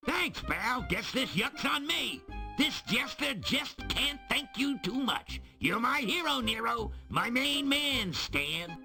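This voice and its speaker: A bright, zany little gnome jester in a video game, swooping wildly up and down through his punchlines. He cracks corny puns with a smug showman's pride, and faint game music plays behind him. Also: extremely high pitch, sing-song, slow, gravelly, full character voice. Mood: delighted. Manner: corny punning jokes, self-satisfied laugh. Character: small wisecracking male gnome jester. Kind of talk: voiced video game dialogue.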